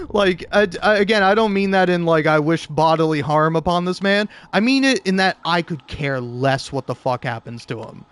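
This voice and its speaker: A man's voice: on the high side, lively intonation, moderate pace, fairly bright tone, clean tone. A young man telling a rambling, profane story in casual chat, with frequent laughs. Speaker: streamer. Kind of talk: casual storytelling while gaming.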